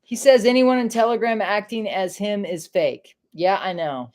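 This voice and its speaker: A woman's voice: mid-range voice, expressive, unhurried, hardly any pauses. A middle-aged woman from Maine hosting a casual livestream from her home, chatting to viewers and swearing freely when frustrated. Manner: frustrated and swearing, talks straight to chat. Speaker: livestream host.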